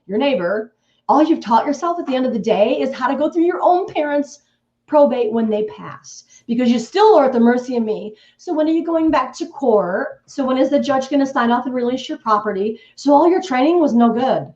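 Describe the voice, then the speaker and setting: A woman's voice: high-pitched, lively intonation, brisk, darkish tone. A woman guest coach on a live webinar, talking emphatically and acting out sales scripts. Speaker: guest real estate coach. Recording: echoey, dull lo-fi stream audio.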